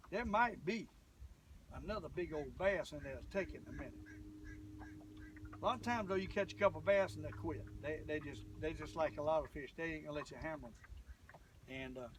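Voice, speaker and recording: A man giving folksy, excitable running commentary to the camera while fishing from a boat on a lake. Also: on the high side, recorded from a distance, noisy background. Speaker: fishing vlogger.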